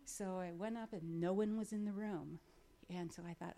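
Woman telling a lively faith testimony. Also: fairly low pitch, normal speed. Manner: animated storytelling with acted-out dialogue and frequent fillers. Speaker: speaker sharing a personal faith story. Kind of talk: storytelling testimony. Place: speaking from a stage to a gathering.

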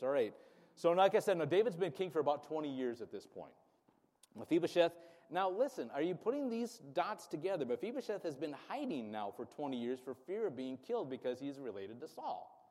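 Guy preaching a sermon, bit high voice, keeps asking the room if they're following, long echo behind him. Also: big pitch swings, a little fast, darkish tone. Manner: call-and-response, checking in with the congregation. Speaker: pastor. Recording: reverberant hall sound.

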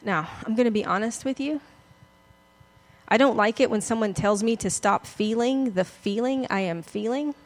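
A woman's voice: a little high, normal speed. A woman pastor giving a conversational, self-deprecating sermon, often laughing as she talks.

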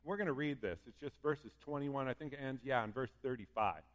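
A man's voice: mid-range voice, fairly quick. Man preaching in a reverberant hall. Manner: earnest, conversational preaching, reads scripture aloud. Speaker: pastor. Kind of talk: sermon.

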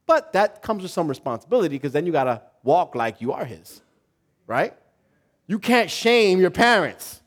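A man delivers a lively, conversational sermon in a slightly raised voice. He talks casually with slang and acts out little voices as he tells stories. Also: high voice, normal speed. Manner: animated, animated storytelling with acted-out voices. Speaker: pastor.

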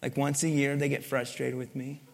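In a medium-pitched, gravelly voice with a level tone, a male pastor preaches at a moderate pace. He speaks conversationally and repeatedly asks the congregation for amens, with long hall reverb around him.

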